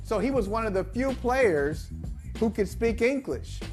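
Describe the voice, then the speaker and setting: Talk show co-host, man with a high voice, lively storyteller, faint music under the talk. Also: measured pace. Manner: animated storyteller, laughs while telling anecdotes. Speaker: co-host telling stories. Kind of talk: casual sports talk show chat.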